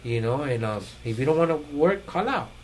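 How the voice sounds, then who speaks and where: A man's voice: medium pitch, lively intonation, brisk, slight background noise, low-quality recording. A man hosting a podcast, telling stories in slangy, profane casual chat. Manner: slangy, profane storytelling with laughs. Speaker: podcast host.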